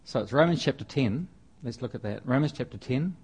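A man's voice: mid-range voice, lively intonation, fairly quick, a little mellow, breathy edge. A man preaching a sermon in a conversational way, often restarting and repeating phrases as he reads and explains scripture. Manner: conversational, with frequent restarts and repetition.

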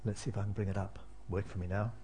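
A man's voice: lowish voice, flat delivery, quick pace, dark tone, a little hiss or hum. A man preaching as pastor in a church, conversational and self-deprecating, with many fillers and restarts. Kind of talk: sermon.

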